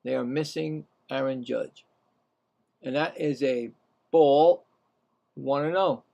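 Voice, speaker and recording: A man giving casual, rambling live baseball play-by-play, chatting to himself between pitches and rising sharply in pitch on the calls. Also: slow pace, creaky, darkish tone, muffled recording. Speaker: play-by-play commentator.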